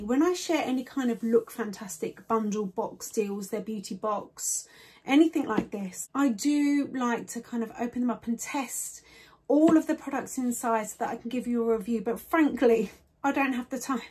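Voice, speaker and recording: A woman talks fast and bubbly through a beauty box review, slightly out of breath. Her voice sits a little high and carries a soft husky edge. She gushes over each product like she's chatting with friends. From United Kingdom. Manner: bubbly, rushed and enthusiastic. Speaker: beauty vlogger.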